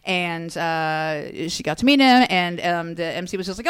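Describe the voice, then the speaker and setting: A woman in her forties telling a story with excited, animated energy in casual chat. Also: lowish voice, moderate pace, clear, resonant tone.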